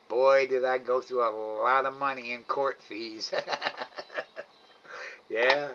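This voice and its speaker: A middle-aged man chats slowly and loosely with his livestream viewers, chuckling and letting sentences trail off. His voice is bright and forward, though the stream audio is a bit dull and lo-fi. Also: medium pitch, flat delivery. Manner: rambling, chuckling, trailing off often. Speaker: livestream host. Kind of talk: casual chat reading viewer comments. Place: home, live night cam stream.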